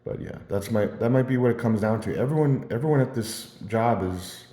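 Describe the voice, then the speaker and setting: A man rambling through personal stories in a casual monologue, halting and repeating words as he restarts his sentences. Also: mid-range voice, warm tone. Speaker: vlogger. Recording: roomy echo.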